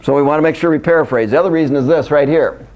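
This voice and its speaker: Man leading a lively workshop seminar. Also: fairly high pitch, very fast. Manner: lively, joking, engages the audience directly. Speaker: workshop speaker. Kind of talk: live seminar presentation.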